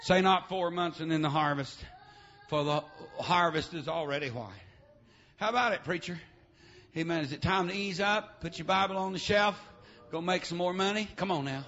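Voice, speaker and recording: A middle-aged man preaching a revival sermon in church, dropping "uh, amen" between his phrases in a shouting preaching cadence. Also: high-pitched, moderate pace, lo-fi sound.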